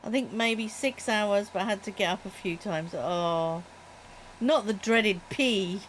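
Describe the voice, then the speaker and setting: A chatty woman streams live and chats casually with her viewers. She talks in an animated way, laughs easily and addresses people in chat directly, at a pitch typical for a woman. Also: measured pace, a little hiss or hum. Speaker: Twitch streamer.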